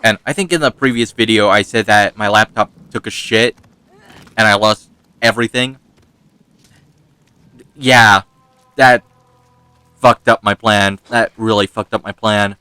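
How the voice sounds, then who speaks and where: A man's voice: on the low side, fairly even intonation, unhurried, long pauses, bright, forceful tone, clear, resonant tone, dry recording. A man giving casual let's-play commentary, rambling through personal stories, laughing often and swearing freely. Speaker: gaming YouTuber.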